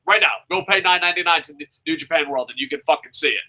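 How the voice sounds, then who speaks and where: A man reviewing a wrestling show in a casual, profane rant, his pitch leaping up whenever he gets exasperated. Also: fast talker, poor audio. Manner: profane, animated, swears constantly; jumps sharply in pitch when exasperated.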